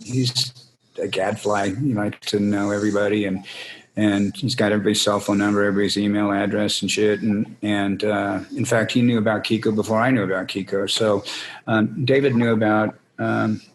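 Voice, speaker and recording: A man's voice: fairly low pitch, little pitch movement, moderate pace, a little hiss or hum, low-quality recording. A man, a band frontman, telling rambling, salty anecdotes in an interview and acting out other people's voices. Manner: rambling anecdotes, acts out voices in quotes, swears freely. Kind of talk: casual storytelling interview.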